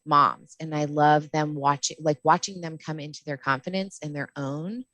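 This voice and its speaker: A middle-aged woman, a postpartum doula, talking in a casual podcast interview, passionate and animated, laughing often. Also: deep voice, moderate pace, no room sound. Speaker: postpartum doula and lactation counselor.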